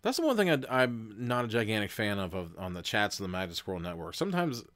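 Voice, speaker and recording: Reading a gamebook on a livestream with chat voting, this man speaks quickly in a lowish, slightly bright voice and is very animated. He keeps things casual, rambling and laughing between sections.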